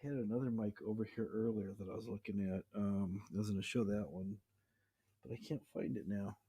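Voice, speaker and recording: A man's voice: lowish voice, fairly even intonation, fairly quick, dark tone, husky. A man casually showing off his home recording gear in a rambling, easygoing way. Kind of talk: casual show-and-tell chat. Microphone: webcam.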